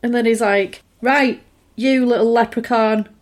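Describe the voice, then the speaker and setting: A woman's voice: fairly high pitch, unhurried. A woman, chatting casually as she recaps a film and acts out the characters' lines. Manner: animated retelling, acting out the characters' lines. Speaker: podcast co-host recapping a film. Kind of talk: casual chat.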